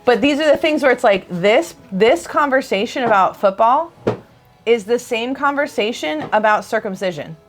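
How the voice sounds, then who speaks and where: A woman's voice: a little high, normal speed, faint music behind. A woman chiropractor co-hosting a casual conversation with her husband, telling stories animatedly and giving blunt opinions. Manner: animated storyteller who acts out quoted relatives. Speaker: chiropractor and podcast co-host.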